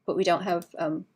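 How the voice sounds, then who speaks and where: A Welsh woman with a lowish, slightly mellow, husky voice chats casually on a livestream as she draws. She thinks out loud, often restarting and using fillers.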